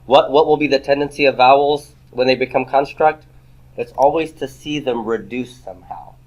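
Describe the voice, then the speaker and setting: A man teaching a Hebrew grammar class in a classroom, lecturing and firing quick rhetorical questions at the students. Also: medium pitch, a little mellow, muffled recording.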